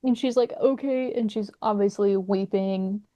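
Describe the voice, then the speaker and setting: A woman's voice: fairly high pitch, normal speed, no room sound. A young woman co-hosting a casual chat, reacting to a film recap and laughing often.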